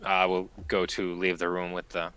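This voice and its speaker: A man playing a tabletop game, talking in a halting way with many fillers. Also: low-pitched, monotone, sharp tone, slight background noise. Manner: hesitant, halting, full of fillers. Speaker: player.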